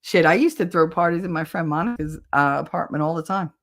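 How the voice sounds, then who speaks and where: A woman's voice: deep voice, fast talker, fairly bright tone. A woman from New Jersey hosting a casual livestream, reading chat comments, blunt and swearing and often laughing. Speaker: host.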